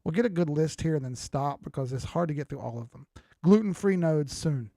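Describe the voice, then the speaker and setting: A man's voice: a little high, brisk, creaky, warm tone, a little hiss or hum. An older man hosting a crypto livestream, talking loosely and with profanity while reading out viewer comments. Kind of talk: casual livestream chat.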